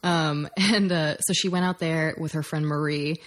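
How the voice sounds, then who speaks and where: A woman's voice: deep voice, steady tone, moderate pace. A woman chatting casually, laughing often and filling her sentences with "like". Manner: laughs often, lots of filler likes. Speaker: conversation partner. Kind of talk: casual chat.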